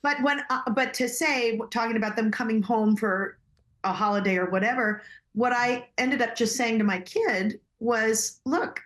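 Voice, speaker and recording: A woman's voice: a little high, normal speed, fairly bright tone, reverberant. A middle-aged woman co-hosting a podcast, reassuring and chatty in casual conversation. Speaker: podcast co-host. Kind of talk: casual chat.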